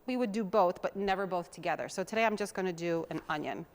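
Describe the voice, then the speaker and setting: A woman with a fairly low, quick-paced voice hosts a casual cooking demonstration. She chats with viewers in a homey way as she chops and mixes, occasionally drifting away from the mic.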